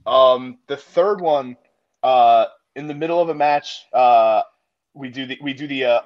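A man in casual chat, laughing as he tells animated stories. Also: medium pitch, unhurried, dry recording, dull audio.

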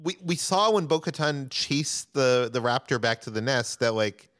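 A man's voice: mid-range voice, expressive, moderate pace, fairly bright tone, no room sound, clean studio sound. A man hosting a casual podcast, recapping plot points and asking his co-hosts questions between laughs. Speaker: podcast host.

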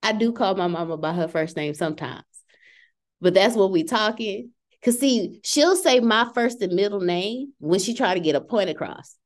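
A middle-aged woman hosting a casual podcast chat, telling stories and acting out quoted lines. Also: normal speed. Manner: animated storyteller, acts out quotes in shifting pitch.

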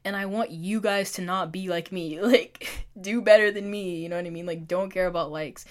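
A woman's voice: lowish voice, fairly even intonation, moderate pace. A young woman vlogging in a casual, confessional chat, talking loosely, filling with "like" and poking fun at herself. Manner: chatty, fills with "like", self-mocking.

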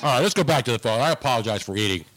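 A man's voice: medium pitch, lively intonation, rapid-fire, over loud music. A man hosting a casual radio talk show, rambling and teasing his co-hosts in loose on-air banter.

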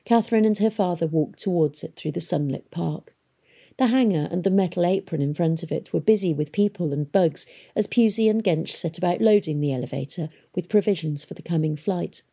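A woman narrating an audiobook in a steady, expressive storytelling manner. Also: on the low side, fairly quick, gravelly, breathy edge.

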